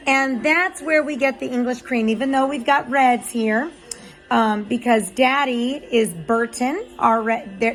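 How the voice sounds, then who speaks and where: A woman's voice: fairly high pitch, rough recording. A woman dog breeder in a casual vlog, chatting and explaining with filler ums.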